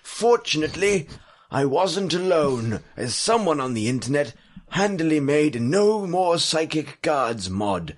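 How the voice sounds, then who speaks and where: A man voicing an old male storyteller by the fire, a rambling grandfather telling a tale to his grandchildren, with a husky voice. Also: a little high, big pitch swings, measured pace, pitched above the performer's own voice. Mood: grumbling, fond.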